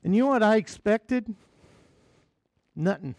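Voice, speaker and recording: A man's voice: high-pitched, animated, slow pace, pauses often, a little mellow, no echo, clean studio sound. A man from the United States preaching a sermon as pastor, telling a story with chuckling asides.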